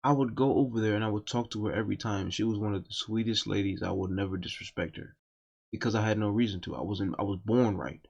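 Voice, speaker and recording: A man's voice: on the low side, fast, creaky, a little mellow. Profane man telling a story, lo-fi. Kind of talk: casual storytime monologue.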